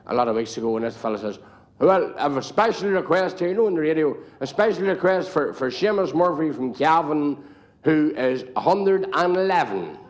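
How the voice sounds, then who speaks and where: An Irish man with a somewhat high voice spins a yarn on stage, dropping in casual asides as he goes. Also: animated, moderate pace. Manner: chatty aside-filled storytelling. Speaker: stand-up comedian. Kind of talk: live stand-up joke telling. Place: live comedy stage.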